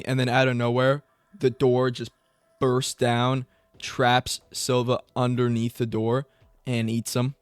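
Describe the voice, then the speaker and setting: A young man riffing loosely on his own, swearing often and rambling from one thought to the next. His voice is smooth and clear, recorded close and dry with faint music underneath. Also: a little slow, no room sound. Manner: rambling and profane, with bursts of high excited mock voices. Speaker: MMA commentary YouTuber. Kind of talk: casual solo commentary.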